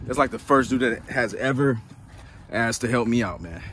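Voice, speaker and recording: Easygoing man, mid-pitched, casual vlog chat outdoors, clear traffic noise behind. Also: normal speed, fairly bright tone. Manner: laid-back slangy talk, frequent "man" and "y'all". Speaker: used car dealer vlogger. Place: outdoors at a car auction lot. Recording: outdoor phone recording with noise. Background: cars and outdoor traffic noise.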